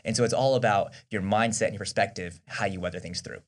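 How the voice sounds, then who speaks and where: A man hosting a casual podcast chat, telling stories in a quick, animated way. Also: lowish voice. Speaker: podcast host.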